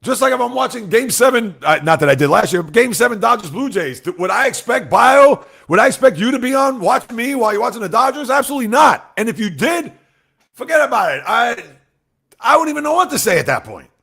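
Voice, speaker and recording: A man hosting a sports livestream, chatting casually and animatedly with his viewers, reading their comments aloud and swinging between loud outbursts and quiet asides. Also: very high-pitched, very animated, brisk, vocal fry, slightly rough. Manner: talks straight to chat, reads out viewer comments.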